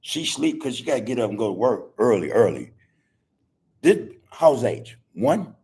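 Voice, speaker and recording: An older man hosts a podcast in a gravelly, husky voice. He tells loose, profane stories about his family and breaks into laughter again and again. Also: medium pitch, very animated, normal speed, a little mellow. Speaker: podcast host. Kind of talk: casual storytelling chat.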